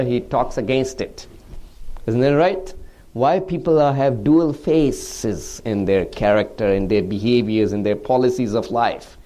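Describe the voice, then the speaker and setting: A man's voice: medium pitch, dark tone. A man giving a religious lecture as a preacher. He keeps asking rhetorical questions and quotes Arabic sayings. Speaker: Islamic preacher.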